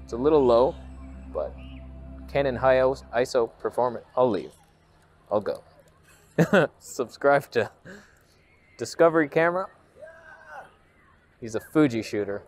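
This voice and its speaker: Vlogging on camera outdoors at a beach ridge, a man banters playfully, joking at his own expense and slipping into mock narration. His medium-pitched voice is unhurried with frequent pauses, and faint music plays behind him.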